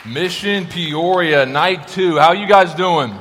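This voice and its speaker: A young man, a youth pastor, preaching to a crowd of students in an upbeat, joking, energetic way. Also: a little high, takes it slowly, a little hiss or hum. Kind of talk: youth sermon. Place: large worship hall. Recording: long hall reverb.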